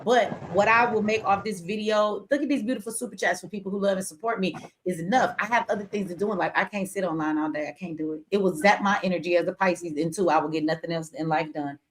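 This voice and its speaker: A woman's voice: mid-range voice, fast talker, hardly any pauses. Woman host, tired and blunt, casual livestream talk, teasing, reads viewer comments aloud. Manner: blunt, candid, joking, reads super chats aloud.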